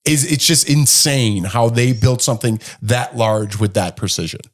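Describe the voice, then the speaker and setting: A man co-hosting a casual podcast chat, his voice sitting in a middle pitch. He muses and speculates, rambling from one thought to the next. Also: moderate pace. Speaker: podcast co-host.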